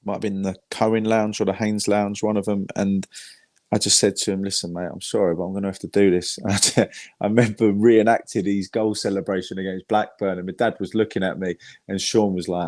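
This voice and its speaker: Guy, lowish voice, dry close sound, chatty and sweary guest storyteller. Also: steady tone, fairly quick, a little mellow, no room sound. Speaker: guest, football fan. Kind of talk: casual podcast chat.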